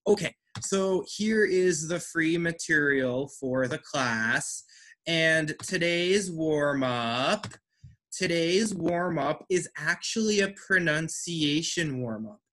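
Slow, bright-voiced male English teacher. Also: on the high side, expressive. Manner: patient, encouraging, explains step by step. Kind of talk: online language lesson.

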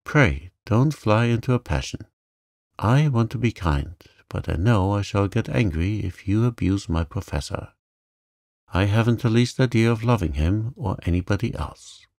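A man reading the part of an earnest, remorseful young woman in an audiobook, in a gentle, pleading way. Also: lowish voice, slow pace, creaky, dry recording, clean studio sound.

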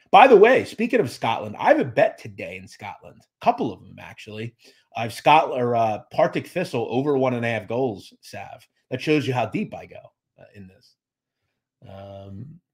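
Husky guy hosting a live chat stream, loose and rambly, lots of uhs. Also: mid-range voice, sing-song, normal speed. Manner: chatty, many fillers and restarts, thanks viewers by name. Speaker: podcast host reading live chat. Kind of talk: casual livestream chat.

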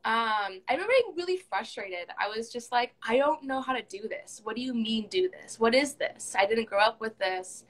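Bright-voiced chatty young woman. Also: on the high side, expressive, poor audio. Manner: chatty, laughs often, quotes others in quick bursts. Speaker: podcast guest, tarot reader. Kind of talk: casual chat.

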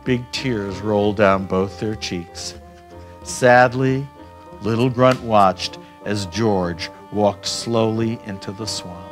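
A man reading his own picture book aloud, animated and expressive. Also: lowish voice, slow pace, faint music behind. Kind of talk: storybook read-aloud.

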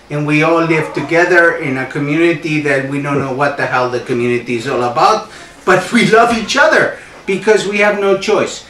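Man, put-on Canadian accent, comic host, slightly high voice, echoey room, distant mic. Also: bright, forceful tone, slight background noise. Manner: playful, mock-earnest, drawn-out repetitions. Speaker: comedy show host. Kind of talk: rambling comic monologue. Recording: roomy echo, distant mic.

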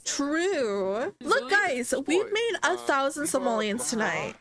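A young woman casually commenting on a life-simulation game, chatty and excitable, often voicing her characters' thoughts. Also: high voice, slow, crowd noise. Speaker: gaming streamer. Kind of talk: casual let's-play commentary.

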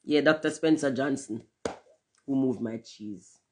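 A woman's voice: measured pace, slight background noise. A woman talking candidly to her viewers in a casual livestream monologue, cursing freely and slipping into patois. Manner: candid, profane, swings between loud emphasis and low murmurs; drifts into patois phrasing. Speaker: channel host.

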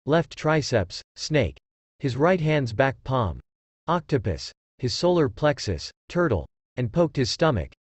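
A man's voice: mid-range voice, darkish tone, no echo. Man reading a fan story. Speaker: narrator.

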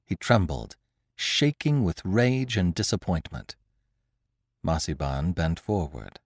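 A man narrating classic fiction as an audiobook, in measured storytelling. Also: low-pitched, big pitch swings, dry recording, studio quality. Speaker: audiobook narrator and podcast host.

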